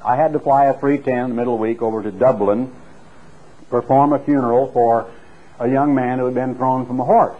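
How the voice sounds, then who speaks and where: A middle-aged man preaching a sermon with an earnest, storytelling delivery that climbs in pitch when he stresses a point. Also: fairly even intonation, brisk. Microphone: clip-on microphone. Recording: tinny phone-like radio recording.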